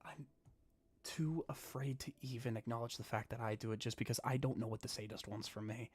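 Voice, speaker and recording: A man narrating a tabletop game as dungeon master. His voice sits in an ordinary middle register and often sinks to a hush as the scene builds. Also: mid-range voice, steady tone, fairly quick, breathy edge.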